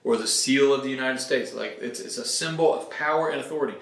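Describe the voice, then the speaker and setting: A man's voice: medium pitch, fast talker, vocal fry, fairly bright tone. A middle-aged man, a pastor, walking through scripture in a casual, explanatory teaching style and often checking in with his listeners. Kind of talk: conversational Bible teaching. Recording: echoey room.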